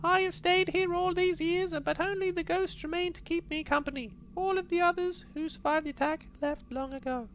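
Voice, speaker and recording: A man putting on a high, weary old monk. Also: fairly even intonation, moderate pace, few pauses, fairly bright tone, slight background noise. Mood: solemn. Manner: strained high storytelling voice. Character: weary old male monk, lonely and solemn. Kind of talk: reading game text aloud in a voice.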